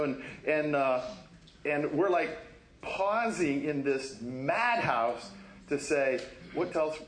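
Male pastor, fairly high voice, chatty sermon delivery with acted-out quotes, echoey church room. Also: fairly bright tone, slight background noise. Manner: conversational, acts out quoted voices, laughs often. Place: church sanctuary.

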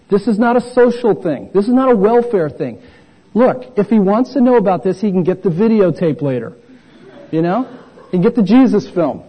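A male preacher delivering a lively sermon, taking on the voices of the people in his story as he goes. His voice is fairly high for a man, husky and mellow. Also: rough recording. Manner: animated, acts out voices of the disciples and the blind man.

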